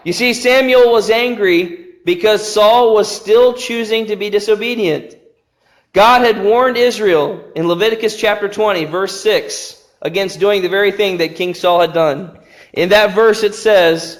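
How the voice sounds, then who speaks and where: A man's voice: sits high, steady tone, unhurried. A man preaching an earnest, emphatic sermon in a church.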